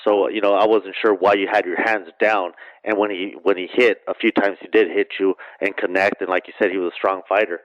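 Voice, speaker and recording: A deep-voiced interviewer speaks in a flat, even tone and lets his questions wander. His voice sounds dull and dry, like lo-fi radio. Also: a little fast, few pauses, no room sound. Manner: rambling, loosely built questions.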